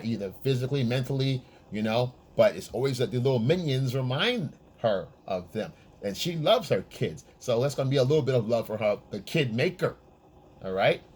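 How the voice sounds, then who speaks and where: Blunt husky-voiced male dating coach. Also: mid-range voice. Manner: blunt, profane, keeps checking in with "okay?". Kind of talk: casual advice monologue.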